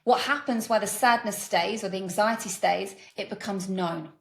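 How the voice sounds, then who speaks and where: A woman's voice: medium pitch, normal speed, vocal fry, echoey room. A woman speaking as a podcast guest, a mindset coach who acts out little scenes with quoted voices. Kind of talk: casual podcast conversation.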